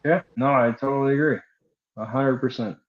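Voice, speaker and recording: A man's voice: mid-range voice, normal speed, muffled recording. A man co-hosting a casual podcast, telling a loose, rambling, profane story with lots of fillers. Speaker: podcast co-host. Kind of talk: casual chat.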